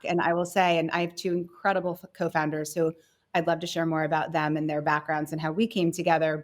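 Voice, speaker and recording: A woman in her thirties, a company co-founder, talking through her career in a relaxed podcast interview, reflective and full of fillers. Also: sits low. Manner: reflective, many fillers like "you know" and "kind of". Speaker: guest, company co-founder and CEO.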